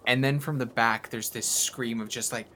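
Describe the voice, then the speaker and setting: A man's voice: mid-range voice, fairly even intonation, moderate pace, sharp tone, a little hiss or hum. A man narrating as game master in a tabletop game, rambling casually with many fillers.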